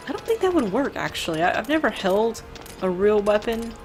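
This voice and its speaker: A woman's voice: mid-range voice, big pitch swings, measured pace, pauses often, soft background music. Giggly woman reading game dialogue. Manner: reads game dialogue aloud, laughs easily. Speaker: let's play host. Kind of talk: casual gameplay chat.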